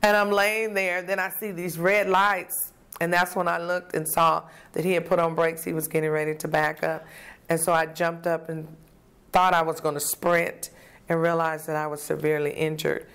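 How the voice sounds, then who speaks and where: A woman with a low, gravelly voice tells her own story in a talk-show interview. She is a lively storyteller who slips into the voices of the people she describes. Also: moderate pace. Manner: vivid storyteller, acts out quoted voices. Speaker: guest telling her recovery story. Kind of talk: personal testimony in an interview.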